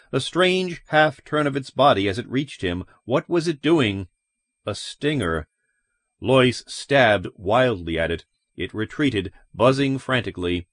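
A man reading a suspenseful story aloud as audiobook narrator, in a grave, even storytelling manner. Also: medium pitch, no room sound, studio quality. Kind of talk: scripted narration.

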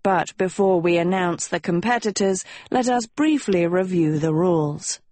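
A woman's voice: on the low side, moderate pace, darkish tone, dry recording, lightly acted. A woman voicing a pompous talking dog who reads out school rules in a formal, lecturing way. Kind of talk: audiobook character voice.

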